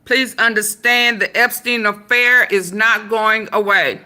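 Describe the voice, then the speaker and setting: A woman's voice: fairly high pitch, steady tone, a little slow, bright, forceful tone. A woman reading out a statement as a stern male military officer, in a stiff, emphatic tone.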